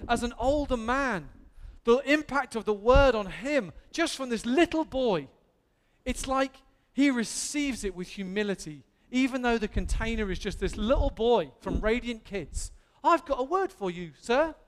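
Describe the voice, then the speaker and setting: A man's voice: very high-pitched, animated, unhurried, in a large hall. An Englishman preaching a sermon in a church, earnest and emphatic, building to exclamations. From England. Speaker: pastor. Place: church hall.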